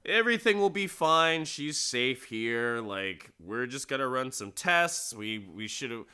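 A smooth, falsely soothing villain doctor, as a man puts him on, brushing off every worry in a breezy, dismissive way. The voice is bright and a little raised, and it rides slightly higher than a normal speaking pitch. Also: big pitch swings, measured pace, heavily acted.

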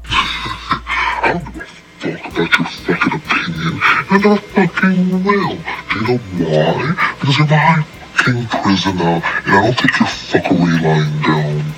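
A man's voice: lowish voice, very animated, measured pace, poor audio. A man voicing a menacing unseen demonic male captor, snarling and profane, in an audio story. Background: background music.

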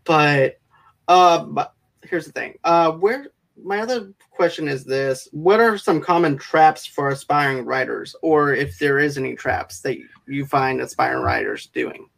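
A man hosting a casual interview, talking in quick, enthusiastic bursts and often speeding up. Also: fairly high pitch, lively intonation, gravelly, a bit bright. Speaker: interview host.

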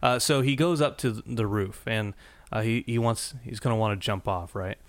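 A man's voice: on the low side, no echo. A man co-hosting a podcast, recapping a TV episode in casual chat with lots of fillers, restarts and laughter. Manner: halting, many fillers, laughs often. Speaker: podcast co-host.

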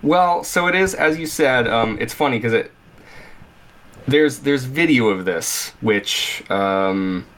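A man's voice: medium pitch, lively intonation, slow, a bit bright. A young man co-hosting a podcast, telling a story in a casual chat and acting out remembered reactions. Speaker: podcast co-host.

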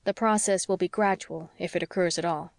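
A woman reading the part of a patient young male doctor, calm, measured and wry. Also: lowish voice, no echo, clean studio sound, natural voice.

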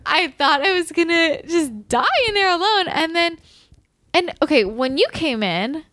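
A woman's voice: very high voice, a little slow, no echo. A young woman telling a dramatic story in casual chat, full of "like" and restarts. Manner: animated, fillers of "like", dramatic retelling. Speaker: storyteller guest.

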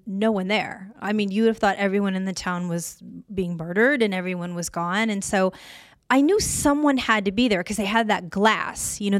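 A woman in her fifties tells a story on her podcast, animated and sarcastic, with frequent laughs. Her voice sits in a middle pitch. She is recorded close and dry. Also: dry recording. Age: 50s. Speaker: podcast host. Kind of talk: storytelling monologue.

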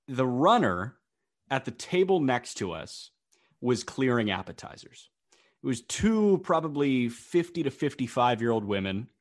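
Animated young man telling a story. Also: mid-range voice. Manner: animated storyteller, acts out quoted voices. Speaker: podcast co-host. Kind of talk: casual chat.

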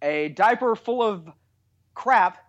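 A man's voice: high voice, slow pace, muffled recording. A man hosting a podcast, chatting casually and joking around. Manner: lively, joking, riffs on the story. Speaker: podcast host. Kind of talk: casual chat.

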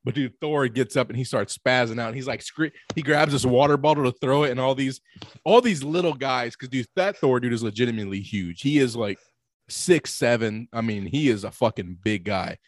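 A man's voice: medium pitch, brisk, no echo, studio quality. A man chatting casually as a podcast co-host, rambling and swearing, with lots of filler words. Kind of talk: casual chat.

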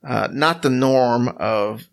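A man co-hosts a casual podcast and works through a story from his notes, dropping wry jokes along the way. His voice sits at an ordinary pitch but has a gravelly rasp. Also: takes it slowly. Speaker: podcast co-host.

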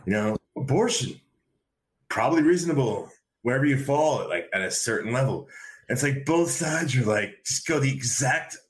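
Speaking at normal speed with lively intonation, this medium-pitched man appears as a podcast guest and chats casually about things. He's a wrestling commentator, and his talk wanders with frequent restarts and repeated fillers.

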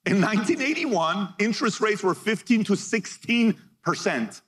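A man giving a motivational keynote to a live audience, energetic and punchy, reading figures out in short bursts and firing questions at the crowd. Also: sits high, moderate pace. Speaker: keynote speaker.

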